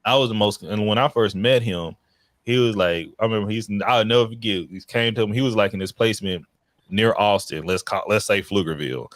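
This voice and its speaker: Low-voiced man telling stories casually. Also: brisk, dry recording. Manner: animated, slangy, breaks into high excited quoted voices. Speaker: podcast guest, child welfare worker. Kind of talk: casual storytelling chat.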